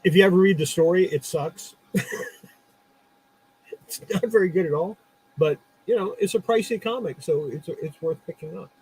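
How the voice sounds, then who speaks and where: A middle-aged man with a slightly high, husky voice tells stories from his old comic shop in a relaxed, chatty way. He laughs often as he talks. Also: normal speed, long pauses, rough recording. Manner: laughs often while telling anecdotes. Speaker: comic shop owner turned podcast host. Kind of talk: casual storytelling chat.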